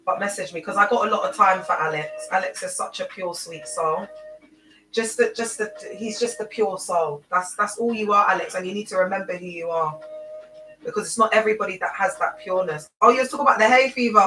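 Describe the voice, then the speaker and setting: Bright, chatty woman in an echoey room. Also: medium pitch, brisk, distant mic, soft background music. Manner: rambling, chatty, answers viewers' comments by name. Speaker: livestreamer. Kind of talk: casual live-stream chat. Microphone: laptop mic. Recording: echoey room, voice away from the mic.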